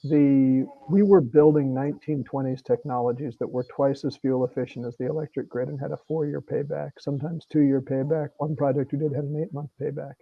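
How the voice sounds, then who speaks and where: A man's voice: medium pitch, fairly even intonation, fairly quick, gravelly, few pauses, no room sound, narrow, tinny audio. A middle-aged man, a congressman, talking earnestly and plainly with frequent restarts at a virtual meeting. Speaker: congressman guest. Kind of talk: conversational talk at a virtual meeting.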